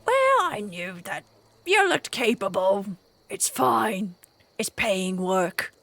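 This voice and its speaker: A woman's voice: medium pitch, very animated, vocal fry, a bit bright, heavily acted. A woman playing a nervous boat owner. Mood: reassuring. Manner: stammering, hurried backpedalling.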